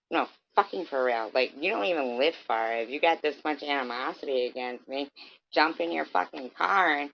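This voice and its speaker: A woman's voice: deep voice, lo-fi sound. A woman delivering a confrontational, profane rant straight at someone on her livestream, sometimes mocking them. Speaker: vlogger.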